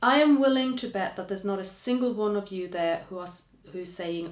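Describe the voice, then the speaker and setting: A woman hosting a podcast, speaking to listeners in a gentle, encouraging way with soft trailing endings. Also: medium pitch, a little fast, reverberant. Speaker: podcast host. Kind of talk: reflective podcast monologue.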